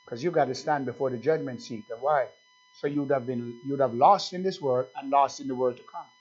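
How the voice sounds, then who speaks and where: A man's voice: medium pitch, fairly quick, a little mellow, husky. A man preaching a sermon, emphatic and repetitive, calling out to his congregation with questions. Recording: dull lo-fi recording.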